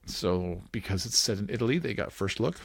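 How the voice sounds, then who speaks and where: A male podcast host chatting casually into a close mic, in a very dry, dead room. His pitch swings widely as he talks, and he laughs easily in an upbeat, playful way. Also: animated, a little fast, no room sound.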